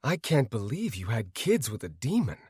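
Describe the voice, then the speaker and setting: A man's voice: mid-range voice, huge pitch swings, moderate pace, a little mellow, breathy edge, no echo, heavily acted. A blunt young woman brushes things off in short, disgusted remarks, as a male narrator voices her. The voice stays close to his own, with only a slight lift. The sound is dry and close. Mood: curt. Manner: disgusted, curt.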